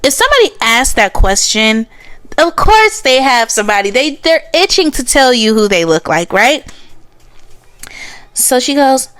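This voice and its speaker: Woman hosting a chatty podcast, sassy and blunt, kinda high voice, dry close sound. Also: very animated, measured pace, fairly bright tone, no echo. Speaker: podcast host. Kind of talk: casual pop-culture commentary.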